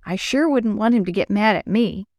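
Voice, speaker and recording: Woman doing a lively young storybook girl, eager, crisp and dry. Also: mid-range voice, moderate pace, no echo, lightly acted. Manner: bright and eager. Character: young girl, cheerful, excitable.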